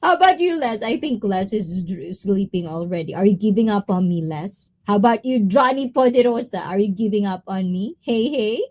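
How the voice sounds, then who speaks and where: A woman from the Philippines, chatting casually on a live stream, greeting viewers by name and easily getting excited and giggly. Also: medium pitch, moderate pace, hardly any pauses. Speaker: livestreamer reading chat.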